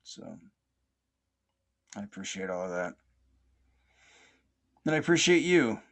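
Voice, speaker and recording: A man hosting a podcast, reflecting in a slow, halting way with many fillers and restarts, in a soothing, almost sleepy cadence. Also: lowish voice, sing-song, a bit bright. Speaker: podcast host.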